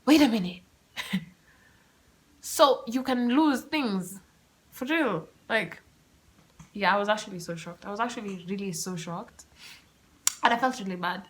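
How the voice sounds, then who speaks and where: A young woman hosting her own podcast, telling a story in a chatty, animated, self-mocking way. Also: mid-range voice, measured pace, pauses often. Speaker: podcast host. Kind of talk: casual solo storytelling. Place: room at home with the windows open.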